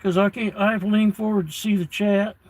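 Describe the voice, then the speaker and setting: An older man chats casually on a livestream, reading his chat off a tablet in a folksy manner and often going off on rants. His high voice is steady, a little fast and darkish in tone, and the audio quality is poor.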